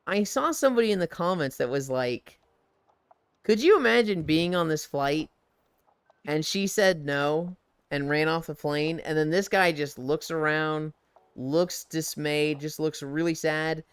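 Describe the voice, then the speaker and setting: A man streaming live and chatting casually, telling stories in a profane, animated way and acting out the voices he quotes. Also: on the high side, a little slow, smooth, no echo.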